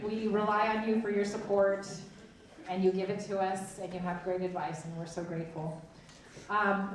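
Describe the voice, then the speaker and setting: A woman hosting a theater event, giving a casual, joking welcome speech to an audience. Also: mid-range voice. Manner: chatty, joking, laughing often. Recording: echoey room, distant mic, crowd and noise.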